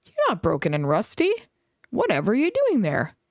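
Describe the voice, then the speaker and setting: A woman voicing a small, kindly male engine with a high, fussy, piping voice. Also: huge pitch swings, fairly quick, darkish tone, no room sound, studio quality. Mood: bright.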